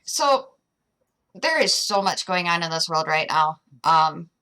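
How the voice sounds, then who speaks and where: A woman hosting a talk show, asking her guests questions and relaying messages from the chat. Her tone is bright and crisp, with a smooth, clear sound and a fairly low pitch for a woman. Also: expressive, unhurried. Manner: friendly, asks questions, reads chat. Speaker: host. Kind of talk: casual chat, interviewing.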